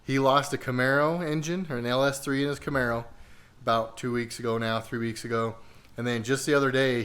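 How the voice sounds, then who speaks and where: Man vlogger, smooth clear voice, mid pitch, loose rambling delivery. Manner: relaxed, rambling with many fillers. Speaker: car vlogger. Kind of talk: casual vlog walkthrough. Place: home garage.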